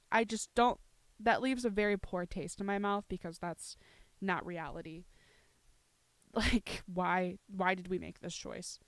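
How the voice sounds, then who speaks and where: A woman hosting a podcast, ranting heatedly, swearing freely and breaking into shouts. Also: lowish voice, smooth, no room sound. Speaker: podcast host. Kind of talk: casual ranting commentary.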